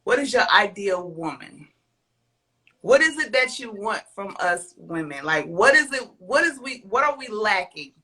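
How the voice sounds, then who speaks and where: A woman's voice: mid-range voice, big pitch swings, a little slow, bright, forceful tone, breathy edge. A woman hosting a casual podcast, frank and blunt as she asks questions. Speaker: podcast host.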